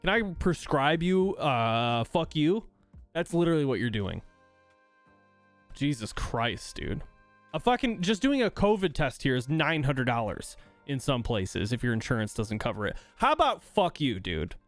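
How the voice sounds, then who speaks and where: A man's voice: medium pitch, sing-song, unhurried, faint music behind. A man from the United States hosting a livestream, ranting in a heated, profane, exasperated way while reading and answering chat. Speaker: streamer host.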